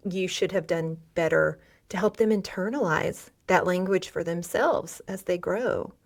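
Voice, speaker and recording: A woman's voice: on the low side, measured pace. A middle-aged woman hosting a podcast interview, affirming and reflective toward her guest. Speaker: podcast host.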